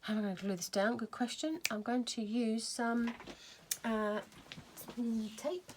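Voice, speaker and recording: A woman's voice: on the high side, a little slow, a little mellow, a little hiss or hum. A woman hosting a casual crafting tutorial, chatting and thinking aloud as she works. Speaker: craft video host.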